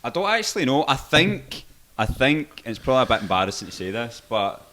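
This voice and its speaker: A man's voice: medium pitch, sing-song, fairly quick, pushed and bright. A young man co-hosting a podcast, telling a long story in a rambling, loose way and swearing freely. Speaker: podcast co-host. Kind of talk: casual chat.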